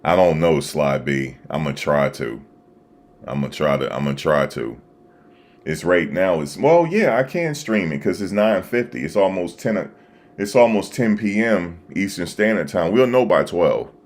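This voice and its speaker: A man hosting a live stream, talking casually and excitedly to his viewers, repeating himself as he reacts. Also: deep voice, measured pace. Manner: animated, repetitive, talking to chat viewers. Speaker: livestream host. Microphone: desktop USB microphone.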